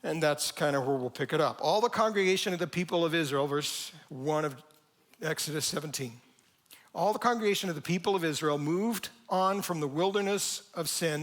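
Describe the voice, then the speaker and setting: A male pastor preaching in a church, his voice pitched a little above the usual for a man. He talks in a conversational, animated way and gives the quoted lines their own voices. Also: brisk. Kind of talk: sermon. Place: church sanctuary.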